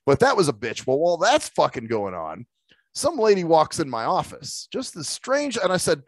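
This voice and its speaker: A man co-hosting a loose podcast chat, telling a gripe story with plenty of swearing and laughs. His pitch jumps around a lot as he acts out other people. The sound is dry and close, with no room echo. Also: huge pitch swings, normal speed. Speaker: podcast co-host. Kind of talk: casual chat.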